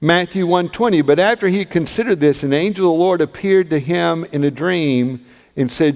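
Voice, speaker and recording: A male pastor delivers a sermon as vivid storytelling, acting out the characters' lines. His voice sits high for a man. The sound carries a long reverb, as in a church sanctuary. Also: normal speed, a little mellow. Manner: dramatic retelling, voicing characters in quotes.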